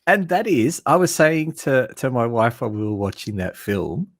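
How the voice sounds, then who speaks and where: A man co-hosting a casual movie discussion, chatty and quick with agreements and asides. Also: mid-range voice, big pitch swings, no room sound, studio quality. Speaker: co-host of a movie talk show.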